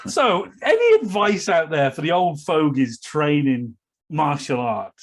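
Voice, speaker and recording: A man's voice: fairly high pitch, big pitch swings, unhurried. A man co-hosting a podcast, asking questions and teasing his older co-host in casual chat. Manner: teasing, asks questions, chuckles.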